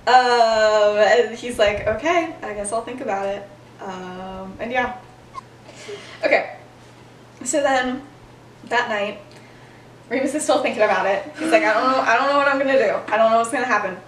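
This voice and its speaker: Her voice fairly high and her pace moderate, a young woman pauses often as she hosts a podcast. In a chatty storytelling recap she acts out characters' lines and laughs a lot, recorded on a roomy, distant mic with faint noise.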